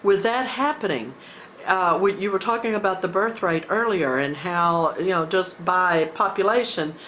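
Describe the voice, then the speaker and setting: A man's voice: high-pitched, moderate pace, sharp tone, slight background noise, low-quality recording. A man interviewing a guest, asking loose rambling questions with plenty of fillers.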